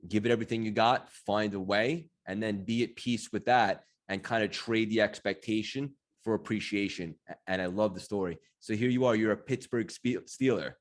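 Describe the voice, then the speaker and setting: A man's voice: lowish voice, steady tone, normal speed, hardly any pauses. A man hosting a podcast interview, talking in an effusive, admiring way. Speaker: podcast host.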